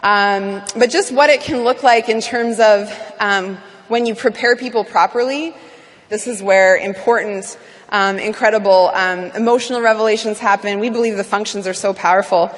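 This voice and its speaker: Upbeat Canadian woman in a reverberant hall. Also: medium pitch. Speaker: business speaker. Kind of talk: speech to an audience.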